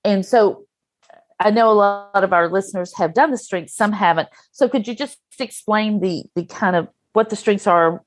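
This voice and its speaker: A woman's voice: mid-range voice, normal speed. A woman hosting a podcast, asking her guest a question with some hesitation and restarts. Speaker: podcast host. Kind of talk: conversational podcast interview.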